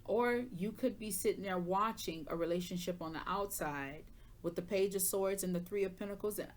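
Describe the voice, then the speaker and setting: A tarot reader with a lowish, darkish voice gives a casual reading, sassy and chatty. She speaks directly to the viewer in loose slang, checking whether they understand.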